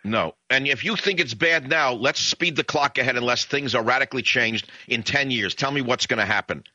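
A man's voice: medium pitch, brisk, few pauses, bright, forceful tone, dry recording, muffled recording. A man hosting a talk radio show, delivering a combative monologue in bombastic bursts. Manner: bombastic, rising to emphatic peaks.

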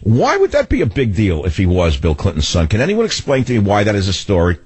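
A man's voice: lowish voice, huge pitch swings, fast, darkish tone, slightly rough, no room sound. An older man hosting a political radio talk show, ranting sarcastically in a long monologue. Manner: ranting, sarcastic, mocking mimicry.

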